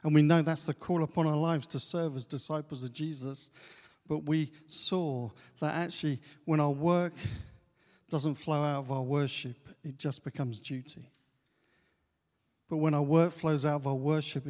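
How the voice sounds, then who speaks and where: Guy preaching in church, slow with lots of uh's, kinda higher voice, big echoey hall. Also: darkish tone. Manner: unhurried, with frequent "uh" pauses and repeated key phrases. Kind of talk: sermon. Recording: long church-hall reverb.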